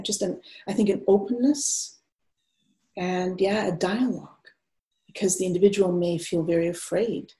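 A woman therapist, a guest in an interview, explaining in a gentle, earnest way. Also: fairly low pitch. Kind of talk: conversational interview.

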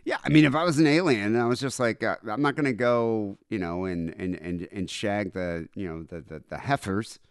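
A man's voice: fairly low pitch, fairly quick, few pauses, clean tone, dry recording, clean studio sound. A man co-hosting a comedy podcast from home, chatting casually in a rambling, irreverent way with lots of fillers. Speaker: podcast co-host.

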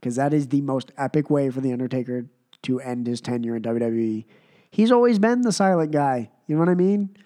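A man's voice: mid-range voice, animated, brisk, mellow. A man hosting a wrestling podcast who sounds sick and short on voice, giving a rambling, emphatic reaction that builds through repetition. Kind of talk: casual reaction commentary.

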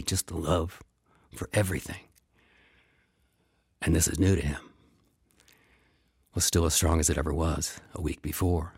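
A man with a low, husky voice tells a first-person story, wry and meandering, circling back on his own phrases. The sound is close and dry, with no room around it. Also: a little mellow, dry recording.

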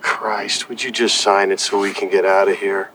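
A man's voice: on the low side, level tone, normal speed, noisy background, lightly acted. An actor playing an impatient, exasperated man. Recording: film audio with loud music.

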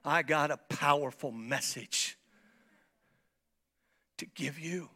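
Swinging from shouts down to near-whispers, a pastor delivers a passionate evangelistic sermon in church. He speaks slowly, and his somewhat high voice is slightly rough.

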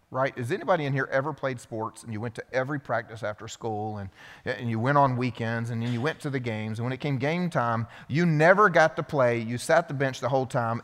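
A man's voice: on the high side, fairly bright tone. Male pastor, sermon delivery, questions to the congregation, reverberant hall. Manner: storytelling with acted-out quotes, asks the congregation questions. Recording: preached in a hall with long reverb.

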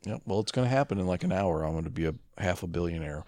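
Podcast co-host, man, very low voice, deadpan and profane, dry close mic. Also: racing, no echo. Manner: laid-back, profane, deadpan asides. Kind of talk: casual chat.

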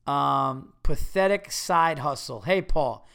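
A middle-aged man hosting a podcast, telling a story in a casual monologue and slipping into loud, profane rants. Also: mid-range voice, slow pace, creaky. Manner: animated storytelling, rants with heavy swearing. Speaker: podcast host.

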